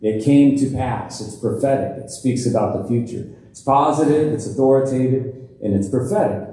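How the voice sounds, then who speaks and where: A middle-aged male pastor preaches in a mellow, relaxed voice. His delivery is conversational and he chuckles at his own jokes. The sound rings with heavy echo from a church sanctuary. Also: mid-range voice, moderate pace. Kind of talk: sermon. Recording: very echoey church hall.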